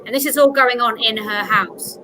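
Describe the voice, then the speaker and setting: A woman's voice: a little high, steady tone, normal speed, sharp tone, slight background noise, poor audio. A woman hosting a casual interview, reading out viewer questions. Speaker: host.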